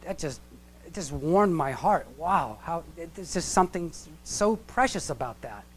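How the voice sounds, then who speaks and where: A man's voice: fairly high pitch, lively intonation, moderate pace, slight background noise. A middle-aged man giving a lecture-style sermon in a church hall, talking conversationally with restarts and asides. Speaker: church speaker.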